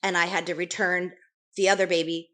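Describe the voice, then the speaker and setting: This middle-aged nurse, appearing as an interview guest, has a lowish, level, somewhat bright voice and talks fairly quickly. She tells her story earnestly and in detail, restarting often, as conversational interview storytelling.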